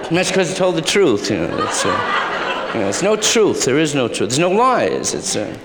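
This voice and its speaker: A male comedian spins a profane, rambling stand-up routine, dipping in and out of character voices. His voice sits high and swings widely in pitch. The archival live recording has long reverb and a faint hiss. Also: sing-song, normal speed.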